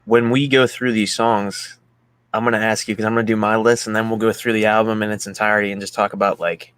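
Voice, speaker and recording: A man's voice: lowish voice, level tone, quick pace, fairly bright tone, clear, resonant tone, no echo. A man hosting a casual music chat, enthusiastic and swearing freely as he talks through an album. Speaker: podcast host.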